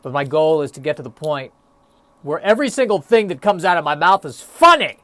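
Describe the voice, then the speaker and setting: A man's voice: on the high side, sing-song, brisk, sharp tone, no room sound. A young man hosting a solo podcast, musing in a stop-start, self-deprecating way with lots of fillers, a little out of breath. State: a bit out of breath. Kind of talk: rambling solo podcast monologue.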